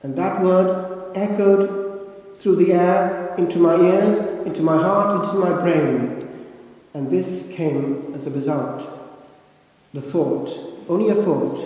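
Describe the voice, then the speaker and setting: Slow-speaking older priest in echoing church. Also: male voice, fairly high pitch, warm tone, lo-fi sound. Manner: slow, reflective storytelling with dramatic pauses. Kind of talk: sermon. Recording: echoey church with long reverb.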